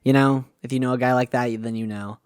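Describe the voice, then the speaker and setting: Young guy, mid-pitch, chill slangy storyteller, dry close recording. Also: fairly even intonation, fast talker, smooth, no room sound. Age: young adult. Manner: laid-back slangy, many fillers and "dude". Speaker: podcaster telling stories. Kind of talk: casual storytelling monologue.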